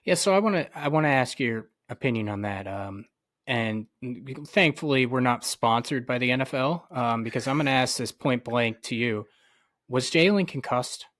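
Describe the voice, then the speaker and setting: A man co-hosting a sports podcast in casual chat, measured and full of "um" and "you know". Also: mid-range voice, animated, fairly bright tone, no echo, clean studio sound. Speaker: podcast co-host.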